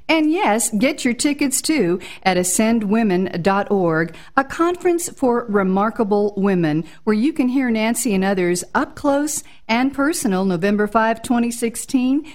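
A woman hosting a faith radio show, giving a smooth, polished scripted outro. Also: fairly high pitch, a little mellow. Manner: smooth, polished announcer delivery.

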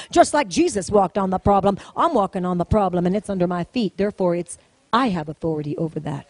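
A woman preaches to a congregation at a church service, emphatic and repetitive, calling out to the room and having them repeat lines back. Her medium-pitched voice is fast, and the recording is dry and low quality.

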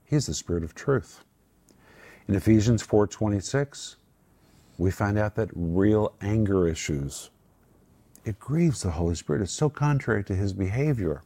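A man's voice: on the low side, dark tone. A man co-hosting a Christian talk show, teaching a Bible passage in an earnest, emphatic way and drawing out his key words. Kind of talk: sermon-like teaching.

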